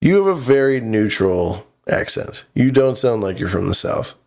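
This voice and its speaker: A man's voice: mid-range voice, lively intonation, normal speed, gravelly, darkish tone. A man co-hosting a stream, bantering loosely and cursing freely. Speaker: co-host. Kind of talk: casual chat on a live stream.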